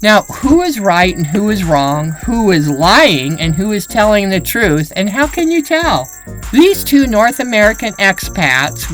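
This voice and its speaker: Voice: medium pitch, fairly bright tone, rough recording. Earnest explaining vlog narrator. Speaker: channel host and narrator. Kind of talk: voice-over commentary.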